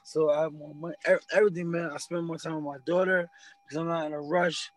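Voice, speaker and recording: A man's voice: a little high, fairly even intonation, fast, dry recording. A young adult man speaking earnestly as an interview guest, rambling and repeating himself. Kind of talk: candid personal interview. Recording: dry, tinny phone-like line.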